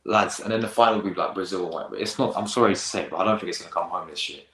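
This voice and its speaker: Teen male streamer, deep voice, rambling slangy chat, echoey room. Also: very fast, fairly bright tone. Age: teens. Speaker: football reaction host. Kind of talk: casual live-stream chat.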